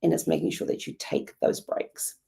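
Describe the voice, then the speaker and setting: A woman with a hoarse, croaky voice who coughs now and then, hosting a casual daily journaling vlog in a rambling, chatty way. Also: normal speed, dark tone. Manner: rambling, chatty, many ums. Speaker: host.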